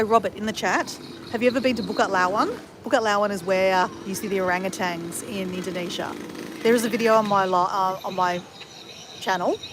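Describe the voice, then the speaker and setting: A woman of fifty talks loosely to her livestream viewers, rambling from one travel story to the next and swearing freely. Her voice sits in a middling pitch. A faint hiss of noise runs underneath. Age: 50s. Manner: chatty, rambling, with frequent swearing and fillers. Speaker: travel vlogger. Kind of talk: casual livestream chat answering viewers.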